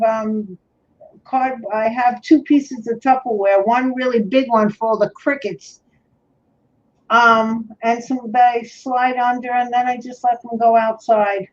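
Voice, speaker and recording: Her voice is a little high and her tone steady as she talks, unhurried, in a New York accent. She co-hosts a livestream, casually chatting with friends, and the recording has lo-fi livestream quality.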